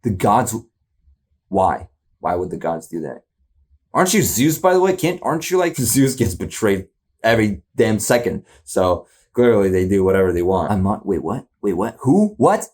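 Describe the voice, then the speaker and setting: A man's voice: fairly low pitch, moderate pace. A man hosting a reaction video, talking casually in rambling bursts, with frequent laughs and confused exclamations. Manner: animated, rambling, laughs often.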